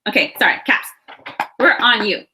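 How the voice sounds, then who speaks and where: Woman in her thirties, tarot reader, bright tone; chatty, reassuring delivery straight to camera. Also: mid-range voice, lively intonation, moderate pace. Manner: chatty, reassuring, laughs and sighs between thoughts. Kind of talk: casual spiritual reading.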